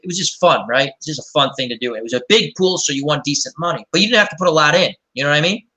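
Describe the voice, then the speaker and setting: A man's voice: sits high, expressive, fast talker, few pauses, sharp tone. A man hosting a casual chat and telling rambling, anecdotal stories. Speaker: host.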